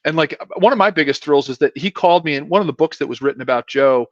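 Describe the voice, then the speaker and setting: A middle-aged man tells old stories in a loose, self-deprecating ramble, circling back and restarting as he goes. His voice sits a bit higher than typical, and the sound is muffled and dull. The room gives no echo at all. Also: fast talker. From South Philadelphia, US. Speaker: guest, former pro football player. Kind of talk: casual storytelling interview.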